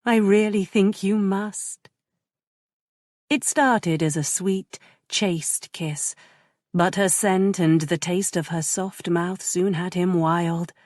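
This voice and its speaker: A woman narrating a romance audiobook in a measured, gentle way. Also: lowish voice, no echo, clean studio sound.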